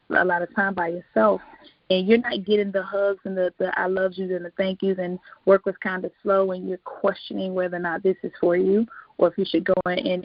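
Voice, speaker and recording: A woman talks through her journey as an actor, reflective and warm in her storytelling, and she laughs easily. The recording is dry and somewhat dull, like a home podcast setup. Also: medium pitch, dry recording. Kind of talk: casual interview chat.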